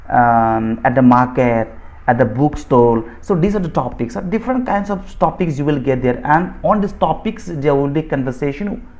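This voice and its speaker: A man from Assam, a native Bodo speaker with an Indian accent, gives an explanatory lecture teaching spoken English. His voice is slightly high and slightly mellow. He is repetitive and insistent, often rephrasing and restarting sentences.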